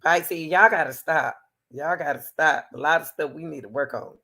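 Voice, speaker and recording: Playful woman in her sixties, low voice. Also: normal speed, bright, forceful tone. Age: 60s. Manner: laughs often, playful and teasing, says baby and sweetie. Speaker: channel host. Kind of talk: casual talk to camera.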